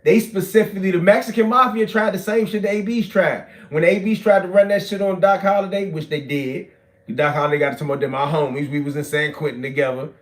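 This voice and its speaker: A man, telling street stories. He is loud and profane, jumping from shouting to low muttering. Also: fairly even intonation, fast. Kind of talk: animated street storytelling.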